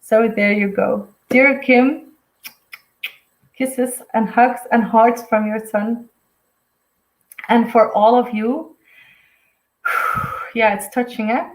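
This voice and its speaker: Slow-talking higher-voiced woman medium. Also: fairly even intonation, reverberant, poor audio. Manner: rambling, heartfelt, filler-heavy. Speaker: intuitive medium. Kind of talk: live intuitive card reading. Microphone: webcam or phone on a live stream.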